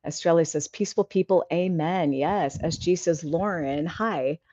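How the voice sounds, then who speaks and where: A woman's voice: on the low side, moderate pace, mellow, dry recording, lo-fi sound. A woman hosting a casual livestream, reading viewer comments aloud and answering them in an earnest, encouraging way that rambles a little. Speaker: livestream host.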